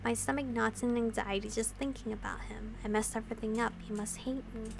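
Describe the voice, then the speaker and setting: A woman's voice: fairly high pitch, fairly even intonation, a little fast, creaky, background noise. A woman playing through a visual novel, reading the narration aloud with feeling and adding giggly remarks. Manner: emotional reading with giggly asides. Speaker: video game player reading aloud. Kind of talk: visual novel let's play with commentary.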